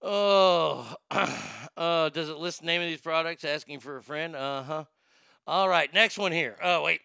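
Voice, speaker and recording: A man's voice: on the high side, measured pace, gravelly, sharp tone, clear, resonant tone, dry recording, studio quality. A man hosting a comedy show, reading odd news stories and joking about them in a profane, irreverent way. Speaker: host.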